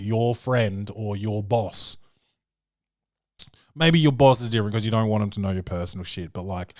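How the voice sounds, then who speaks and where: A man's voice: fairly low pitch, no echo, clean studio sound. Laid-back podcast guy, swearing. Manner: loose and profane, full of "dude" and "man". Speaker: podcast host. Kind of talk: casual comedic review chat.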